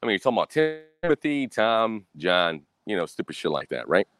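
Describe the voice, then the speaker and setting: A man's voice: fairly low pitch, very animated, a little fast, fairly bright tone. An American man telling a story in a blunt, profane rant, keeping up a "right?" after his points. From United States. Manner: keeps asking "right?". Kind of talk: casual profane monologue.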